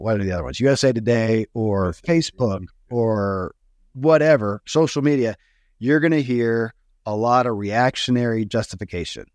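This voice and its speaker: A man's voice: fairly low pitch, darkish tone, no echo. Earnest man musing in a dry room. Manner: earnest, searching, talks through thoughts with restarts. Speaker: podcast host. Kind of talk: reflective conversational podcast.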